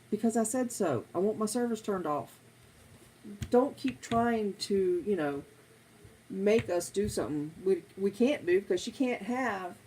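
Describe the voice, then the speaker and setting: A middle-aged woman chats casually on a live stream. She rambles easily from one topic to another in a lowish voice, with a faint hum of ambience behind her. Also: darkish tone, low-quality recording. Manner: rambling, chatty, drifting between topics. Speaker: streamer chatting with viewers.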